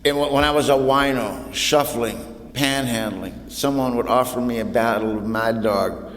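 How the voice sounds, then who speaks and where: His mid-range voice is fairly bright and moves at a moderate pace as he, a man from California, tells an AA meeting about his own recovery. The talk is folksy and story-driven, peppered with "man" and "you know," recorded in an echoey hall with faint room noise.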